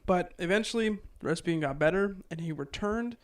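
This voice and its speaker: A man's voice: high-pitched, brisk. A man casually telling a history story on a podcast from his notes, with lots of fillers. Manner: relaxed, filler-heavy, chuckles often. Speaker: podcast host.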